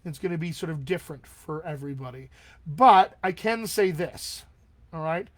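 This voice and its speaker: A man's voice: on the high side, normal speed. Chatty, encouraging male dialect coach. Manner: chatty, encouraging, tags lines with "all right?". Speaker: dialect coach hosting a live Q&A. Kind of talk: casual live-stream advice talk.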